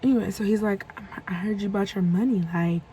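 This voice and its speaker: A woman's voice: medium pitch, fast talker, mellow, slight background noise, poor audio. A young woman in her twenties telling a casual storytime, animatedly acting out both sides of a conversation. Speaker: vlogger.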